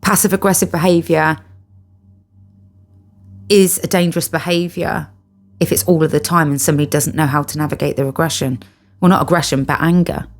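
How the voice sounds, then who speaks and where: Talking to camera in an informal monologue, this middle-aged British woman discusses spiritual healing with real earnestness. She has a deep, steady voice, speaks fairly quickly with frequent pauses, and keeps emphasizing and repeating important phrases.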